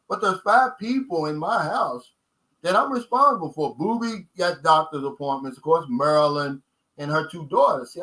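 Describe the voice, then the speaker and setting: This channel host, an American with a Kentucky accent, speaks on the high side with a sharp tone over a rough recording. Running a laid-back livestream chat, he hammers home his main points in a folksy way and keeps addressing viewers as guys.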